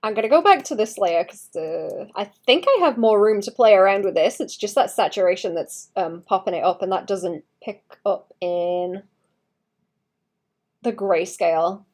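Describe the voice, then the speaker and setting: A woman's voice: medium pitch, normal speed, darkish tone. A young adult woman giving casual livestream commentary while she paints, thinking aloud, trailing off and restarting sentences, with occasional muttered asides. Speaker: streamer painting live.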